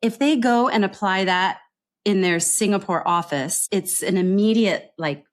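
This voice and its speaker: Speaking at a medium pitch, a pronunciation coach explains her work with earnest care during a podcast interview, often tossing in a brief "right?" to check in.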